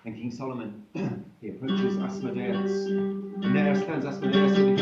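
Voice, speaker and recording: A man's voice: medium pitch, animated, normal speed. A man telling a comic folk tale live to an audience, playful and chatty, breaking off to joke with the listeners. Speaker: storyteller. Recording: echoey room from far, dull sound with faint music.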